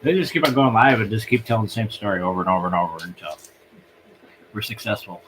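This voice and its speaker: A man hosting a live stream from home, telling a long story in a rambling, halting way and circling back. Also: lowish voice, noisy background.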